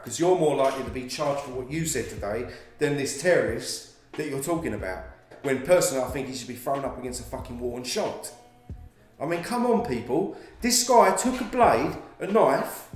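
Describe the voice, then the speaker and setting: Man, angry profane ranter, slightly high voice, booming room echo. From England. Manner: profane, confrontational ranting with slang. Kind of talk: angry ranting commentary. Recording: very echoey room.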